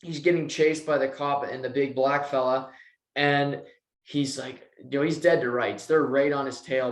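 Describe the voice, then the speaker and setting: A man's voice: a little high, echoey room. A man co-hosting a podcast, casually recapping a TV episode and acting out the characters' lines as he tells it. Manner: animated storytelling, acting out quotes. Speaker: podcast co-host.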